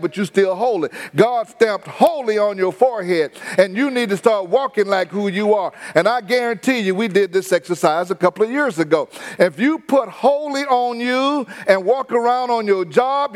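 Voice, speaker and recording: Pastor, male, high voice, punchy repetitive preaching with humor. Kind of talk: sermon.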